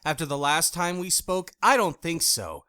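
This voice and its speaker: A male audiobook narrator voicing a fierce, blunt young woman with a hot temper who gives sharp, curt retorts. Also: a little high, big pitch swings, moderate pace, smooth, dry recording, studio quality, voice pushed up. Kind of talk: audiobook character voice.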